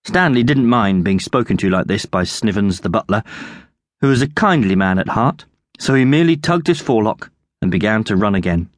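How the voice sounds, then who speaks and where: A man narrating his own children's adventure book with lively, expressive storytelling. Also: on the low side, a little fast, no room sound, clean studio sound. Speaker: audiobook narrator and author.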